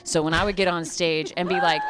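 A woman from California's Kern River Valley, a comedian guest talking in a rambling, animated way and often breaking into laughs. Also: on the low side, fairly quick, faint music behind. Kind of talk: casual podcast chat.

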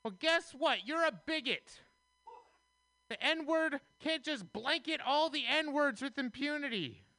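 A man doing a deadpan stand-up set at an open mic. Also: very high voice, slow, no room sound. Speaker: stand-up comedian.

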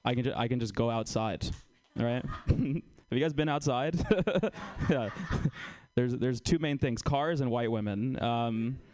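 A man's voice: medium pitch, unhurried, a little mellow, a little hiss or hum. Man doing ironic stand-up comedy. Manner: ironic, conversational, asks the crowd questions. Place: comedy club stage.

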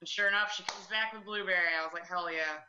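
A young woman performing a stand-up comedy set in a deadpan way, acting out people in quick asides. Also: fairly low pitch, slight background noise. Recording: echoey room, dull lo-fi sound.

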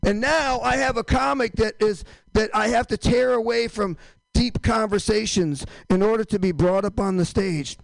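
A man's voice: sits high, normal speed, creaky, no echo, poor audio. A man hosting a stand-up comedy show in a small room, rambling and profane, often cutting himself off. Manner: rambling, self-interrupting, profane.

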